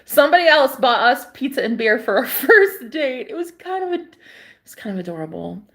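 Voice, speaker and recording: A woman's voice: high-pitched, very animated, brisk, a bit bright. A woman vlogging from a table at home, telling a story casually, rambling, laughing often and swearing freely.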